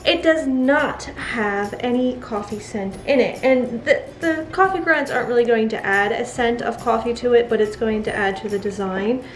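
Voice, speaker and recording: Woman, soap maker, chatty narration, laughs often, slightly high voice, echoey room. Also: normal speed, few pauses, faint music behind. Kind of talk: casual crafting narration.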